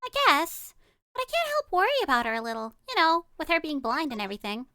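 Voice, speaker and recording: A woman's voice: high-pitched, wildly swooping pitch, fast talker, bright, forceful tone, full character voice. A woman voicing a cheerful, blunt teenage girl magician in a fan game dub. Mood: curious. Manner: bubbly, blunt, playful.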